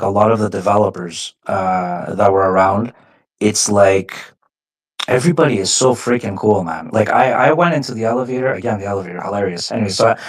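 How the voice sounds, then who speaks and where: Chatty man telling casual stories. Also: on the low side. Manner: chatty storyteller, slangy. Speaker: podcast co-host. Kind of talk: casual conversation.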